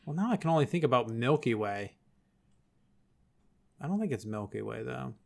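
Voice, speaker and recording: A man with an ordinary middle-pitched voice co-hosts a live stream in easygoing chat. He rambles, trails off and picks his thread back up. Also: expressive, normal speed, vocal fry, a little mellow. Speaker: podcast co-host.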